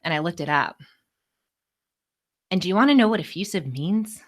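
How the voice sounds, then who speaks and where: A woman speaker telling a personal story to a group in an expressive, animated way. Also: fairly low pitch, normal speed. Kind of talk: storytelling talk to a live group.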